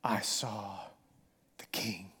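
A man preaching a sermon, swinging from hushed, slow passages to animated, emphatic bursts. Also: on the low side, husky. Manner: dynamic preaching, drops to near whisper then rises to animated emphasis. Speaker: pastor. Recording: long hall reverb.

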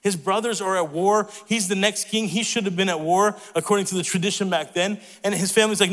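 A young man with a high voice preaches to his congregation. He talks in a relaxed, chatty way and retells stories with quick restarts. His voice rings with a long reverb, as if he is in a large hall. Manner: conversational, animated storytelling with fillers and restarts. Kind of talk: sermon.

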